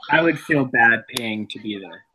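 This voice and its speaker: A man's voice: mid-range voice, expressive, normal speed, bright, forceful tone, a little hiss or hum, rough recording. A man co-hosting a podcast, blunt and casually swearing while chatting about a wrestling show. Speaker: podcast co-host.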